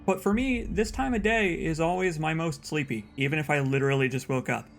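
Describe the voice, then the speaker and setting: A man's voice: on the high side, fairly quick, creaky, soft background music. A young man giving casual let's play commentary, rambling and stumbling over repeated words as he talks.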